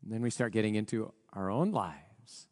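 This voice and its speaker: A male pastor giving a sermon in an earnest, reflective way, his voice a little rough, with pauses and restarts. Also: lowish voice, animated, darkish tone, long reverb tail. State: voice a little rough from recent strain.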